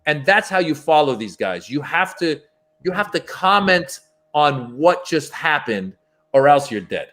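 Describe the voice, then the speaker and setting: A man's voice: fairly high pitch, a little slow. A man, a stand-up comedian, telling anecdotes in a casual interview and acting out voices as he goes. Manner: animated, acts out voices in his anecdotes.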